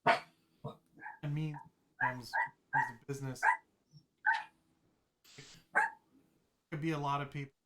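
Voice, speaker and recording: Low-voiced woman game master. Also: flat delivery, fairly bright tone. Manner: casual, halting with fillers. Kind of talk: narrating a tabletop game.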